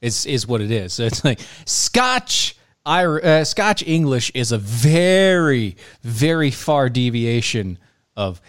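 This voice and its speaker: A man's voice: medium pitch, sing-song, slow, dry recording, studio quality. A man chatting casually on a panel, laughing often and explaining things in restarts. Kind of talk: casual chat.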